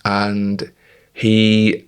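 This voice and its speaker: A man's voice: lowish voice, completely flat delivery, very slow, clear, resonant tone. A man in his thirties, co-hosting a podcast, telling stories in a casual chat and acting out the people he quotes. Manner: chatty storyteller, acts out quoted voices. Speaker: podcast co-host.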